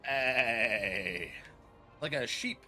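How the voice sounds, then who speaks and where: A man chats away while streaming an online game, his pitch swinging freely up and down. He rambles, pokes fun at himself and laughs often. Game music plays clearly behind him. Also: animated, drawn-out words, pushed and bright. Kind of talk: casual live-stream chat while gaming.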